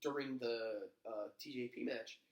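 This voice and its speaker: A man co-hosting a casual wrestling podcast, joking and swearing in excitable banter. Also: mid-range voice, unhurried, roomy sound. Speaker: podcast co-host. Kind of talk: casual chat about wrestling.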